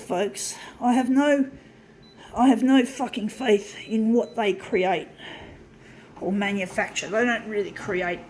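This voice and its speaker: A woman's voice: medium pitch, takes it slowly, a little mellow, slight background noise, poor audio. A woman vlogger ranting to her camera, swearing, sighing and exasperated, recorded on a camera mic indoors beside an office copier. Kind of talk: angry rant to camera. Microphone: camera mic, set down nearby.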